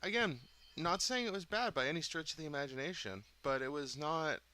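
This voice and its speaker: A man's voice: a little high, animated, a little fast, bright, forceful tone. A man hosting a channel, casually reviewing a comedy special with hesitant, hedging remarks. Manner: hesitant, hedging, with many fillers. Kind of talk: casual commentary.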